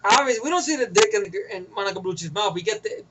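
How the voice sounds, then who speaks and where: A young man with a fairly high voice talks through a movie he loves in a loose, rambling way. He stumbles, repeats himself and slips into the characters' lines as he retells scenes. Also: animated, very fast, very noisy. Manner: rambling, laughs often, restarts and repeats words. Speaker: movie reviewer. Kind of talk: casual spoken movie review.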